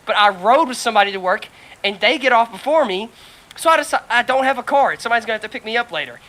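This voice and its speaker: A woman chatting on a podcast with a bright, forceful voice. She tells a long work story in an animated, profane way, slipping into quick impressions of the people in it. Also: on the high side, low-quality recording. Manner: animated storyteller, heavy swearing, acts out quotes. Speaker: podcast co-host. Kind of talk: casual chat.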